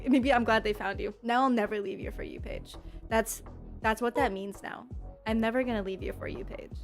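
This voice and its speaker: A young adult woman streaming live, bubbly and giggly as she reads and answers her chat. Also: fairly high pitch. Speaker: livestreamer.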